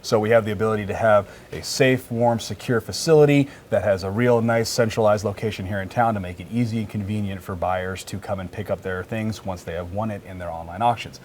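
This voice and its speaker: A man's voice: on the low side, fairly even intonation, fairly quick, few pauses, darkish tone, slight background noise. A man who runs an auction business, giving an upbeat, salesy walking tour of his warehouse. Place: warehouse facility.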